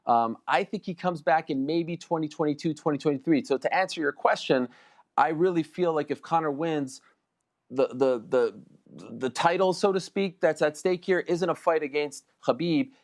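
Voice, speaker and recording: A man's voice: a little high, normal speed. A man talking sports as a guest on a panel show, emphatic and boastful, repeating lines for effect. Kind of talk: excited sports talk.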